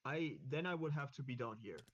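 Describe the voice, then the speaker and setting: A man's voice: mid-range voice, expressive, brisk, a bit bright, muffled recording. A man playing a tabletop game with friends, thinking aloud and counting out his moves. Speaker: player. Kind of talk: casual tabletop game chat.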